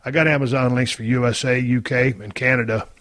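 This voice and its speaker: A middle-aged man with a drawl hosts his podcast in a relaxed, rambling manner and swears casually as he goes. His voice sits at an ordinary pitch, and the close mic leaves almost no room sound. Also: fairly quick, no room sound. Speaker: podcast host. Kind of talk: casual podcast talk and ad reads.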